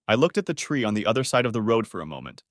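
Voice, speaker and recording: A man reading a revenge story aloud, dramatic and bitter, his pitch swinging widely. He sits close to the mic in a dry, dead room. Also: big pitch swings, racing, no room sound. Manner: dramatic, bitter, voices the shouted lines. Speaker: story narrator. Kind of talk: first-person revenge story narration.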